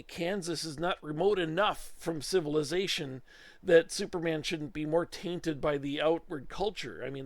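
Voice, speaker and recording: A middle-aged man rambles through a casual film review from his home studio, his voice sitting a little high for a man. The sound is close and dry with almost no room around it, and he talks in loose, chatty runs full of "uh"s and restarts. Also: dry recording. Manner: meandering, chatty, with frequent fillers and restarts. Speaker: movie reviewer. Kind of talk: casual opinion monologue.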